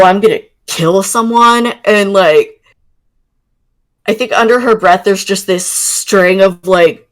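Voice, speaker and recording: A woman with a medium-pitched voice plays a tabletop role-playing game, switching between in-character talk and ordinary chat. She hesitates with fillers and laughs often, and the recording quality is low.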